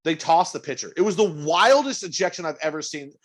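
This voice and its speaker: A man's voice: fairly high pitch, a little fast. A man co-hosting a podcast in casual chat, telling a story with a lot of swearing and acted-out quotes. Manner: profane, animated storytelling with quoted asides. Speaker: podcast co-host.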